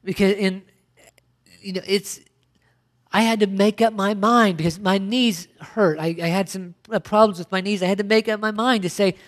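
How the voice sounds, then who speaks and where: A man's voice: sits high, fairly even intonation, moderate pace. Emphatic preacher man. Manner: emphatic, rhetorical questions, frequent restarts. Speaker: pastor. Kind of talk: sermon.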